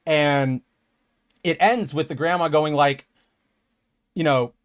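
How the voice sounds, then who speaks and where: Young male podcast co-host, animated, fairly high voice, quick to act out quotes in a casual comic chat. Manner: animated, acts out quoted lines.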